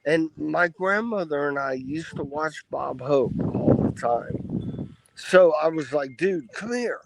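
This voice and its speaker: A man's voice: fairly high pitch, slow pace, vocal fry, heavy background noise. A middle-aged man, a podcast guest, telling laid-back, profane stories in casual conversation. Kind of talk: casual storytelling.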